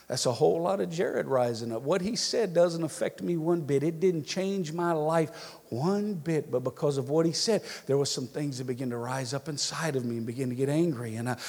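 A man preaching a sermon, dropping to hushed prayer and rising to loud, emphatic storytelling. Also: fairly high pitch, big-room sound. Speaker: pastor.

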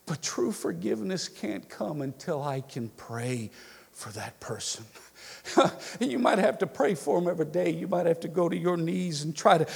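A man preaching a sermon, dropping to hushed prayer and rising to loud, emphatic storytelling. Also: fairly high pitch, animated, moderate pace, vocal fry, husky, long reverb tail. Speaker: pastor.

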